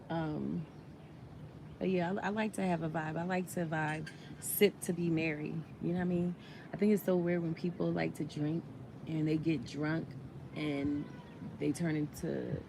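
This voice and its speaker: A woman's voice: deep voice, creaky, noisy background. A woman vlogger chatting casually while eating, in a laid-back, chatty way.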